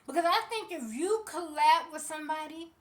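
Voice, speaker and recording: High-pitched female vlogger, heated celebrity commentary, sassy and outspoken. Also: moderate pace. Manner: passionate, sassy, speaks straight to people.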